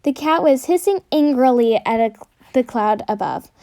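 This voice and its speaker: A woman reading her own storybook aloud in an earnest, steady way. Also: high voice, normal speed.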